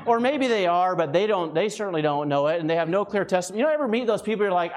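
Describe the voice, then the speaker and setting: Speaking very fast with hardly any pauses, this American man's high voice carries a conversational guest sermon. He's slightly out of breath, repeatedly asks "right?", and checks in with the congregation often.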